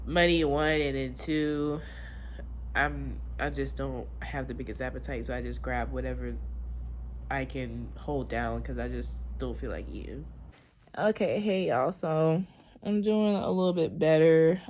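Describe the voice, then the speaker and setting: A woman's voice: deep voice, measured pace, darkish tone, slight background noise. A woman, talking candidly and emotionally in a rambling, casual confessional vlog, swearing freely. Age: 20s. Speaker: vlogger.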